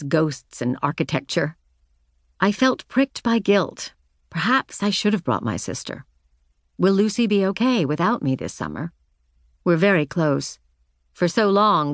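A woman narrating an audiobook in the first person, with a measured, reflective reading. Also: low-pitched, dry recording, studio quality.

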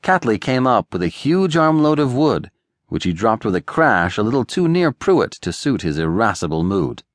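A man narrating an audiobook with an expressive, dramatic reading, close to a studio mic. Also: fairly low pitch, normal speed, no echo. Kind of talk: scripted narration.

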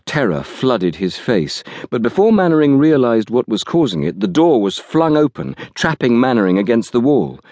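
A man reading an audiobook thriller aloud in a measured, dramatic storytelling manner. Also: medium pitch, very animated, a little mellow, dry recording, studio quality. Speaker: audiobook narrator. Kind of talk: scripted narration.

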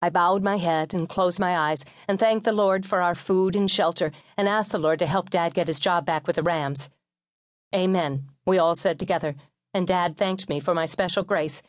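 A woman narrating a memoir audiobook in a measured, wry storytelling manner, recorded in a studio. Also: fairly low pitch, steady tone, dry recording.

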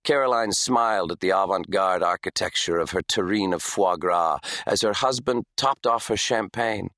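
A man narrating an audiobook thriller in an even, measured storytelling manner. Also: low voice, dry recording, studio quality. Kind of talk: scripted narration.

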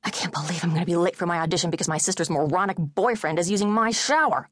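A woman voicing an impatient, self-centered young woman in her twenties for an audiobook, talking sharp and fast. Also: lowish voice, no room sound, voice pushed up, lightly acted. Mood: exasperated. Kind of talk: audiobook character voice.

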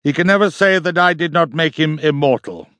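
A man's voice: on the high side, lively intonation, brisk, fairly bright tone, dry recording. Brief: man playing a smug middle-aged Elizabethan poet; dry, close audiobook read.

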